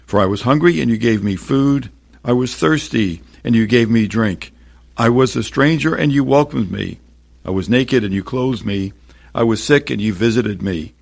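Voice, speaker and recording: Male scripture reader, mid-pitched, gravelly, measured and solemn. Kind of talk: reading scripture aloud.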